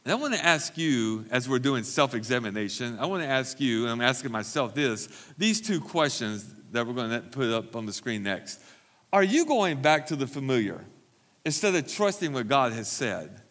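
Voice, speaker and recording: Bright-voiced emphatic male pastor preaching. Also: medium pitch, very animated, normal speed. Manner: emphatic preaching, repeats phrases for stress. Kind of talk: sermon. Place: church recovery meeting.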